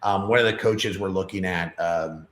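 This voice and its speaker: A man's voice: low-pitched, moderate pace, fairly bright tone. A middle-aged man talking as a podcast guest in a casual, rambling way with lots of fillers. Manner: rambling, chatty, many fillers. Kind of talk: casual chat. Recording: roomy echo.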